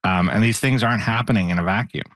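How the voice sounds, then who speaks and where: A man on a political panel, giving measured analysis with frequent "you know" fillers. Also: fairly low pitch, fairly bright tone, no room sound.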